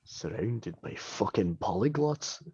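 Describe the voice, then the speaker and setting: A man voicing a grumpy male dwarf warrior who curses constantly in a deep, gruff growl. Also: lively intonation, slow pace, warm tone, no echo, muffled recording, heavily acted. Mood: exasperated.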